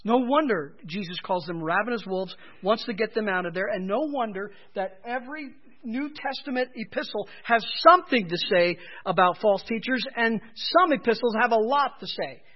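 Captured in a dull, lo-fi recording, a man preaches at a moderate pace in an expressive voice. He's emphatic, frequently getting louder and higher to stress his points.

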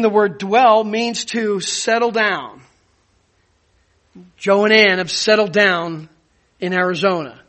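A man preaching a sermon as pastor, teaching with lively rhetorical questions. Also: sits high.

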